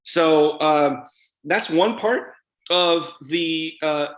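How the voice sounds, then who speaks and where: A man's voice: fairly high pitch, very slow, fairly bright tone, highs cut off. A man, an author guest at a live event interview, talking in a chatty, rambling way with many fillers and restarts. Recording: roomy hall sound.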